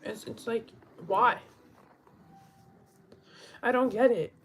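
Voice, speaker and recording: A man's voice: very high-pitched, fairly even intonation, slow, vocal fry, a bit bright, slight background noise, poor audio. A man on a casual livestream, rambling with many fillers and restarts, upset and pleading.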